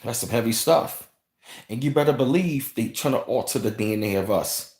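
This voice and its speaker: A man's voice: mid-range voice, moderate pace, darkish tone, roomy sound. A man hosting a casual livestream, rambling, repeating himself and thanking viewers from the chat. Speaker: channel host reading live chat.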